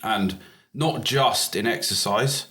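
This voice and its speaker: An easygoing middle-aged British man co-hosting a podcast. His voice sits somewhat low, and he talks plainly and casually, reading listener messages aloud between chat. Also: slow pace, pushed and bright. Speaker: podcast co-host.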